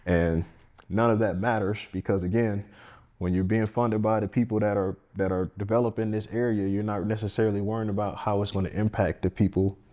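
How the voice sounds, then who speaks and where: A man's voice: lowish voice, steady tone, fairly quick, highs cut off. A man, a candidate speaking earnestly and plainly in a casual interview, often restarting his sentences. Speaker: congressional candidate and firefighter.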